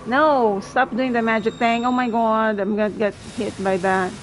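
A woman's voice: fairly high pitch, fairly even intonation, moderate pace, slight background noise. A woman streamer chatting with her viewers as she plays a video game, exclaiming often and laughing between remarks. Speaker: gaming streamer. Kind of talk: live gameplay commentary with chat.

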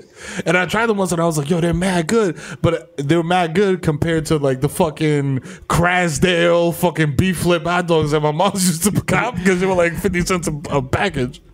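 A man's voice: a little high, normal speed. A man from the Bronx with a New York accent, co-hosting a casual comedy podcast and telling slangy stories with frequent laughter. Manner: animated, laughs often, slangy storytelling. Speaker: podcast co-host.

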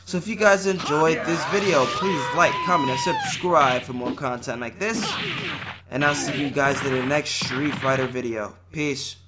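Man commenting over gameplay, loud noise. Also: fairly high pitch, wildly swooping pitch, normal speed. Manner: offhand and wry, swears freely. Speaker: gaming channel host.

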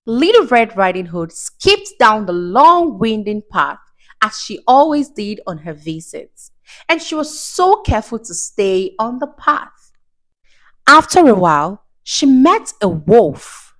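A woman reading a children's story aloud as a storyteller, slow and expressive with playful asides. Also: on the high side. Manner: slow, expressive and warmly animated.

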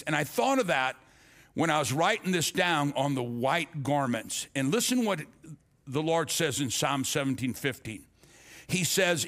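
Older man preaching a lively story sermon. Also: fairly high pitch, unhurried. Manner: animated storyteller acting out dialogue, stammers and restarts. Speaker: pastor.

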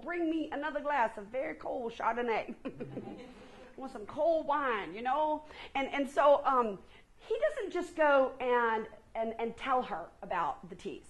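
A woman in her fifties giving an energetic motivational presentation, asking the audience questions. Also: high voice, rough recording. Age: 50s. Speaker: keynote speaker. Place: conference room with a live audience.

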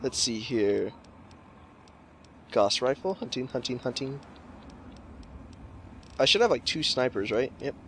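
A man's voice: medium pitch, sing-song, unhurried, long pauses, a bit bright, slight background noise. A man casually commenting on gameplay, jokey and rambling with lots of swearing. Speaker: let's play host.

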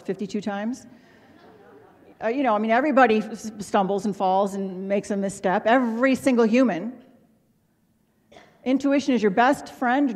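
A middle-aged woman addresses a symposium audience in a candid, earnest voice, slipping in quick asides. Her voice sits at an ordinary middle pitch. A long reverb from the big ballroom trails after each phrase. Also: darkish tone. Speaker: symposium speaker. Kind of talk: motivational talk to an audience. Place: hotel ballroom.

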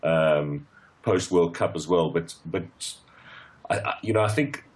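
A man's voice: low voice, unhurried. A man from South Africa talking as a football pundit on a radio phone-in, with frequent restarts and fillers. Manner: hesitant, many restarts and fillers.

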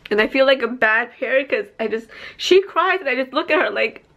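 A woman's voice: high voice, animated, moderate pace, pushed and bright, poor audio. Candid rambling young woman vlogger. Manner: candid, rambling, sighs and trailing off. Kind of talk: casual vlog talk to camera. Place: family home indoors.

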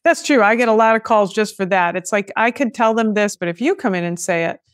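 A woman's voice: mid-range voice, brisk, dry recording, clean studio sound. A woman hosting a podcast, talking in a chatty way with joking asides. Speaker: podcast host. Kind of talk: casual podcast conversation.

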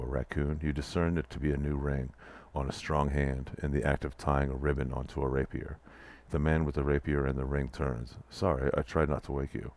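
A man's voice: a bass voice, darkish tone. A man playing an interactive fiction game, reading its text aloud and adding dry, wry asides of his own. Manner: dry wry asides between narrated passages. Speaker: let's play player reading text aloud.

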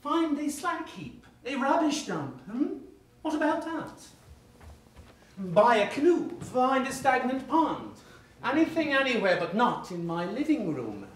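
A man's voice: extremely high pitch, very animated, a little slow, exaggerated voice. An actor playing a cold, sarcastic middle-aged husband confronting his wife, with a clipped, formal and mocking delivery in a stage play. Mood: menacing. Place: theater stage. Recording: roomy theater, faint noise.

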